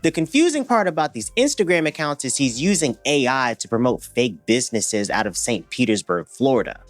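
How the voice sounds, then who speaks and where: A male commentary host narrates in a casual, sarcastic way and laughs at his subject. His pitch moves around a lot. The sound is dry and close, with faint music playing underneath. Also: sing-song, fairly quick, no room sound.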